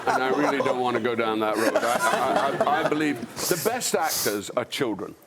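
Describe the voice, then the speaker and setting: An older Scottish man with a Dundee accent, speaking as an actor on a discussion panel. He is blunt and wry and tells stories as he answers. His voice sits at an ordinary pitch for a man. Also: lively intonation, normal speed, a loud crowd, very noisy. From Scotland.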